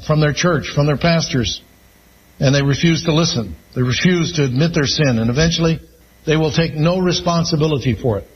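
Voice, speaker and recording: Man preaching a slow, emphatic sermon. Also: medium pitch, husky, muffled recording. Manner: slow, emphatic preaching with Scripture read aloud. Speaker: pastor.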